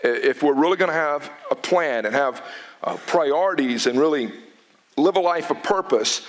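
Guy pastor preaching, kinda high voice, punchy and emphatic, doubles up words. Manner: emphatic, repeats words for stress. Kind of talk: sermon. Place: church.

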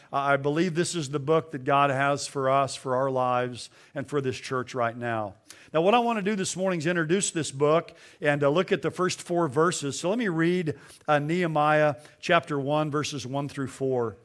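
A pastor giving a sermon in a church, a man who tells a homey joke and reads scripture aloud, with many small "uh" fillers. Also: medium pitch. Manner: folksy storytelling with frequent uh fillers.

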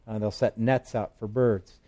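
A male pastor teaching through the Psalms in a relaxed, conversational way, reading verses aloud with emphasis and slipping in light humor. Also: fairly low pitch, normal speed. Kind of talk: expository Bible teaching.

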